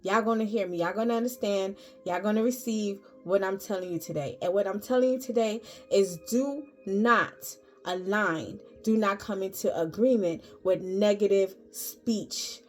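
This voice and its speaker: A woman giving a casual motivational talk to her viewers, emphatic and preachy, repeating phrases. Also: medium pitch. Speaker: vlogger.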